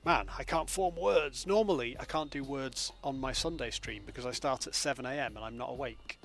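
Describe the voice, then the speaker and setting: During a live stream of his gameplay from home, a chatty English man talks casually with viewers and says hello to them by name. His mid-range voice is a bit bright, and he speaks a little fast.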